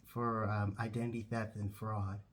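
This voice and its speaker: A man's voice: on the low side, flat delivery, normal speed, husky. A man voicing an insistent woman from a game show, making pushy requests over the phone.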